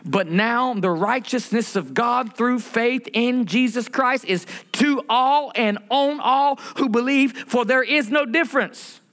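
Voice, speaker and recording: A male pastor preaching a sermon, calling out questions to the congregation and repeating phrases, slowing down and rising in pitch to stress scripture. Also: fairly bright tone. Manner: preaching with call-and-response questions and repetition; slows and rises in pitch for emphasis when reading scripture.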